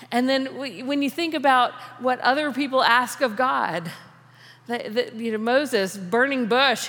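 A woman's voice: on the high side, a little slow, a bit bright. A woman giving a conversational sermon on prayer, talking informally, restarting phrases and laughing often. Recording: long reverb of a large hall.

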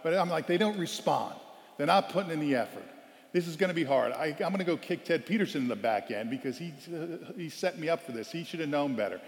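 A man giving a storytelling sermon as a guest speaker, animated and loudly acting out quoted lines. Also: a little high, quick pace. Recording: long hall reverb.

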